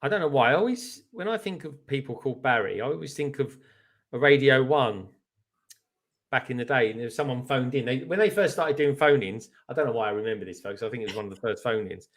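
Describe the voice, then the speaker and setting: A man, a guest on a casual livestream, telling loose rambling anecdotes in a relaxed way. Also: medium pitch, fast.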